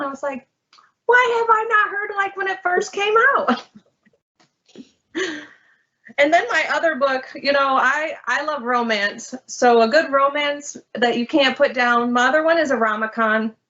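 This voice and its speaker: High-voiced chatty librarian woman. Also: fairly bright tone. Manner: chatty, enthusiastic storyteller. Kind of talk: casual book talk. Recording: lo-fi muffled audio.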